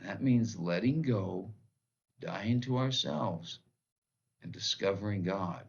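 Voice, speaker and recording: A man's voice: lowish voice, slow, gravelly, dull audio. A man who is a pastor, giving an earnest, plain-spoken devotional sermon with short repeated phrases. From United States.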